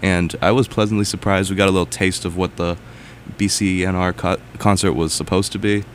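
A young man hosting a student radio show, chatting in a relaxed, easygoing way with many fillers. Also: deep voice, a little fast, a little hiss or hum. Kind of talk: casual chat on air.

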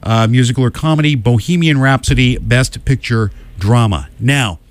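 A man in an easy, conversational recap, running down a list of winners and tossing in his own verdicts. His voice is mid-pitched and sounds dry and close, with little room around it. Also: no room sound. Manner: rattles off winners with quick opinions, many "uh" fillers. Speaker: podcast co-host. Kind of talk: casual awards recap chat.

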